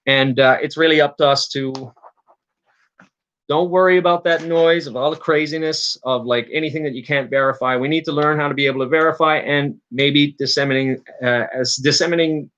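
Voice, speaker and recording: A man's voice: fairly high pitch, steady tone, fairly quick, fairly bright tone, dull audio. A man from Newfoundland with a Newfoundland accent, hosting a casual livestream, rambling with many restarts and talking to his chat. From Newfoundland, Canada. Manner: rambling, frequent restarts and fillers, talks to chat. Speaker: livestream host.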